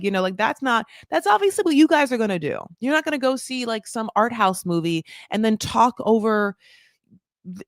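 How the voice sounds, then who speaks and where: A woman in her thirties hosting a casual recap, chatty and swearing, with lots of "like" and sudden jumps in pitch for emphasis. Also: dry recording, studio quality. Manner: lively, jumps high for emphasis. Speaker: recap podcast host. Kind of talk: casual chat.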